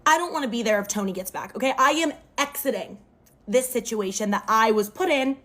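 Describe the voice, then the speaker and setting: Young woman, fairly high voice, casual phone storytime, animated and chatty with lots of "like". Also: brisk. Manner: expressive, animated retelling with lots of "like".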